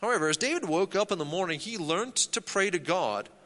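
A man preaching an earnest, measured expository sermon, often reading quoted passages aloud. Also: sits high, animated, fairly bright tone. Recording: long echo of a hall.

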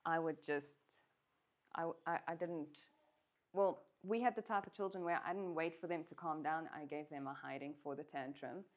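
A woman's voice: sits low, moderate pace. A woman co-hosting a parenting discussion, speaking in a frank, matter-of-fact way. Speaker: co-host, parent.

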